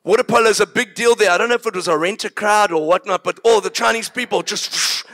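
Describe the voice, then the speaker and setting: A man preaching, telling a story in an animated way and acting it out. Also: sits high, fast talker. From South Africa. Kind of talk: sermon storytelling.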